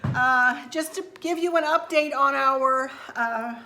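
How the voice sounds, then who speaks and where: A middle-aged woman with a drawl chats with her viewers, rambling from one thought to the next. Her voice sits a little high and sounds bright and forceful. She is talking at home. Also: slow, a little hiss or hum. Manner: chatty, rambling, addresses viewers as y'all. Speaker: vlogger. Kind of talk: casual chat.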